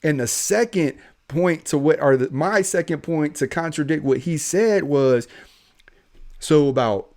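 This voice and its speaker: A man's voice: on the high side, measured pace. A man from Ohio, a police officer, telling stories in a casual podcast chat and acting out the voices of the people in them. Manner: animated, acts out voices in his stories.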